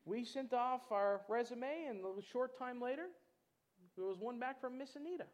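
A man preaching, telling a personal testimony in an animated storytelling way and acting out other people's voices. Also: very high-pitched, normal speed. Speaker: pastor. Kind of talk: testimony in a church sermon.

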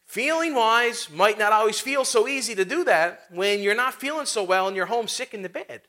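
A man's voice: sits high, animated, moderate pace, pushed and bright. A man preaching a sermon as a pastor, in a conversational way full of rhetorical questions and asides.

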